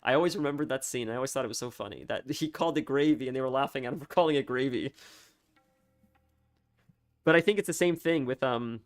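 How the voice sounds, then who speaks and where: A man's voice: mid-range voice, quick pace, pauses often, clear, resonant tone. Rambling, chatty male streamer. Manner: rambling and chatty, full of "like" fillers and restarts. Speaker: gaming livestreamer. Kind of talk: casual chat with live viewers.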